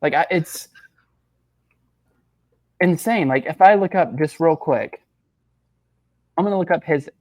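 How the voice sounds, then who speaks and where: Animated man telling sports stories. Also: on the high side, no echo. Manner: animated storyteller, quick laughs, acts out quotes. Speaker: podcast co-host. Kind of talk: casual chat.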